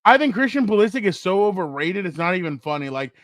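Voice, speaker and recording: A man from the United States co-hosting a casual sports chat, telling animated stories and acting out what people said. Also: sits high, quick pace, a crowd in the background. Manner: animated storyteller acting out quotes. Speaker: co-host.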